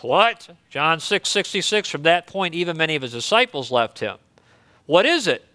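A man's voice: a little high, lively intonation, normal speed, pushed and bright, no echo. A man preaching a sermon in a conversational, earnest way, reading scripture and explaining it. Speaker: pastor.

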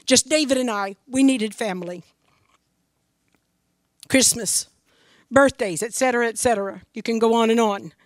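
A woman's voice: fairly high pitch, normal speed, pauses often, no room sound, studio quality. A middle-aged woman from Missouri giving an earnest, emphatic spoken testimony about her faith as a grieving mother.

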